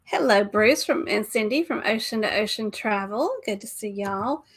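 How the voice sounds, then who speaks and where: A woman with a Southern US accent, co-hosting a casual live travel stream, chatty and quick to laugh as she greets viewers by name. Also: medium pitch. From American South. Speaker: travel show co-host.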